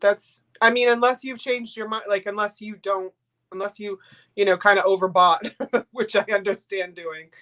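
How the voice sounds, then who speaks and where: A woman's voice: medium pitch, fairly even intonation, moderate pace, a bit bright. Sniffly, gushing older woman host. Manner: rambling, gushing, emotional. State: sniffly from crying. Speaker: livestream host. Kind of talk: casual live-stream chat.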